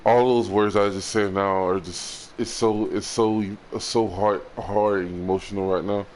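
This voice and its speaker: A man records an emotional confessional vlog, plainly frustrated and upset. His low voice halts and circles back over the same words, with swearing mixed in. A faint hum of ambience sits behind him. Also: fairly even intonation, a little mellow. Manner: halting, repeats words, swears. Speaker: vlogger.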